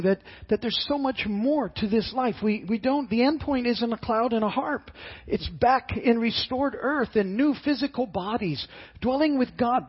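A middle-aged man preaching a sermon as pastor, earnest and halting, often repeating his words as he restarts. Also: very high-pitched, breathy edge, muffled recording.

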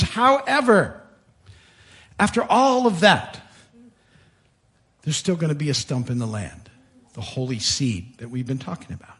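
Male preacher, high voice, lively swinging pitch, acts out voices, restarts sentences. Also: normal speed. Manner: animated storytelling, acting out voices with sudden pitch jumps; frequent fillers and repeated starts. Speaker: pastor. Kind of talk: sermon.

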